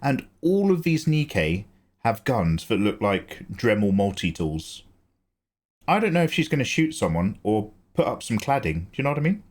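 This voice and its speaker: An English man hosting a livestream, talking casually in an animated, chatty way, swearing and laughing easily. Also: fairly low pitch, moderate pace. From England. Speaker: livestream host.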